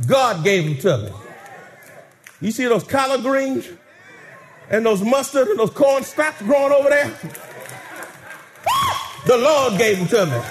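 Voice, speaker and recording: A male preacher acting out a joyful old farmer from church who shouts his praise in a rhythmic cadence. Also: very high voice.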